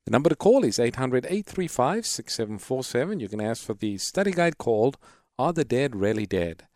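A man co-hosting a call-in radio Bible program, adding calm, measured points and reading out the call details. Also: medium pitch, no room sound, clean studio sound.

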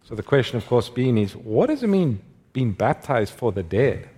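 A man acting as a co-pastor, introducing and reading a Bible question aloud in a measured way. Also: mid-range voice, big pitch swings, dark tone, breathy edge. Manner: measured, reads verses slowly.

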